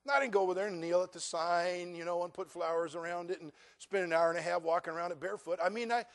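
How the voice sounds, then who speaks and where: A middle-aged male pastor preaching a sermon, moving from folksy storytelling to loud, emphatic preaching. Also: sits high, fairly even intonation, fast talker.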